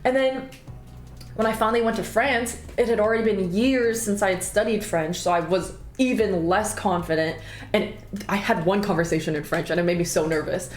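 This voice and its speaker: A young woman chats casually on a stream, her voice leaping up high whenever a story gets animated, with cheerful swearing. Her voice sits at a mid pitch and rings in a roomy space. Faint music plays under her. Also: normal speed. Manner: animated storytelling with big jumps in pitch, frequent swearing and laughter. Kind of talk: casual chat.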